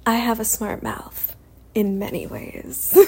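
Husky, breathy woman with a slow, sighing delivery. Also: fairly high pitch. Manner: breathy, sighing, drifting between voice and whisper. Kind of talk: intimate adult audio monologue.

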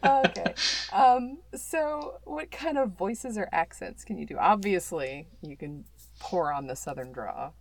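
Woman interviewer, lowish voice but really animated, giggles a lot, super encouraging. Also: measured pace, no room sound. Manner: giggly, enthusiastic. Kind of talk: casual interview chat.

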